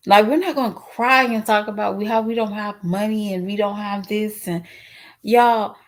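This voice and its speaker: A woman's voice: medium pitch, steady tone, moderate pace. A woman vlogger talking straight to her viewers in a casual, outspoken, emotional way, sometimes tearful with a cracking voice. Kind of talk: casual commentary vlog.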